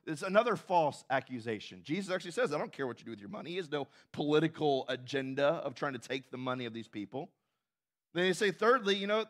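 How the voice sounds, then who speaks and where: A man's voice: a little high, sing-song, fast talker. A man preaching a sermon as pastor, emphatic and asking the congregation questions.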